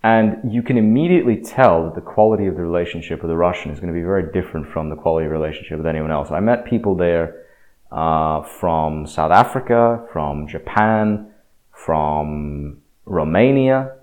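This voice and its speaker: A man's voice: low voice, normal speed, a little mellow, dull audio. A man talking in a reflective, self-deprecating casual monologue, hesitant with many fillers and restarts. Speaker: speaker sharing experience.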